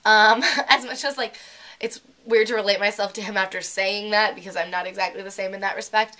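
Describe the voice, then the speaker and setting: A teenage girl vlogging to her laptop camera with a bright, forceful voice. She chats in a loose, giggly way, dotting her talk with likes and ums. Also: medium pitch, steady tone, brisk. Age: late teens. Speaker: beauty vlogger. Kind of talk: casual chat to camera. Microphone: laptop webcam.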